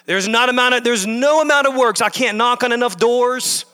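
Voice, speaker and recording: A male pastor delivers a sermon in a high, bright, forceful voice. He hammers his points through repetition, building in bursts. His voice rings out with a long reverb from the church hall. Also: normal speed, clear, resonant tone. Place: church sanctuary.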